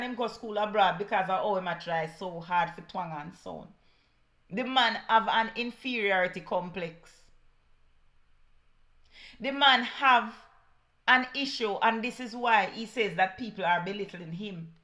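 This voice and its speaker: A woman's voice: mid-range voice, normal speed, pushed and bright. A woman with a Jamaican accent giving heated political commentary, scornful and mixing patois with English.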